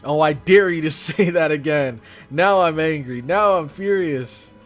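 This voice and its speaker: A hot-headed young woman monk lectures a king with loud, emphatic indignation, as a man reads her lines. The voice sits a little high and pushes hard on the stressed words. Soft music plays in the background. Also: normal speed, lightly acted. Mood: scolding. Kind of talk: reading game dialogue aloud.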